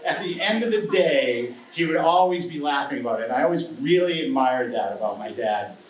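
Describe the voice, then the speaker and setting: A man's voice: mid-range voice, lively intonation, brisk. A middle-aged man telling a true story at a live story slam, wry, earnest and humorous. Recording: roomy live hall, distant mic.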